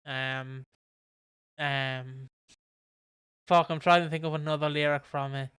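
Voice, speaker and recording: A man's voice: on the high side, fairly even intonation, slow pace, a bit bright, clear, resonant tone, dry recording, clean studio sound. Rambling man on a podcast. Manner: rambling, full of ums and swearing. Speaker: podcast co-host. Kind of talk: casual chat.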